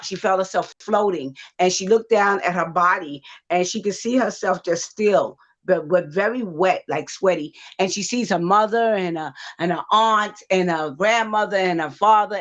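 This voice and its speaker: A woman psychic on a livestream, talking gently and reassuringly, with many fillers as she tells a story. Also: lowish voice. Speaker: psychic panelist. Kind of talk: livestream talk. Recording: dull lo-fi livestream audio.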